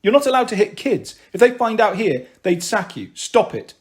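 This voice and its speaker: A man's voice: sits high, sing-song, moderate pace. A man reading a story aloud, voicing a cheeky older sister who teases and talks back. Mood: teasing. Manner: teasing, brash. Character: cheeky, bold teenage girl. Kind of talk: audiobook reading.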